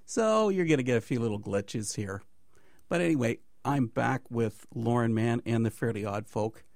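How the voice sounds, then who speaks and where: A man hosting a casual radio studio interview, relaxed and chatty. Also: medium pitch, normal speed, vocal fry, no room sound. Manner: relaxed, chatty, self-correcting. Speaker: radio show host.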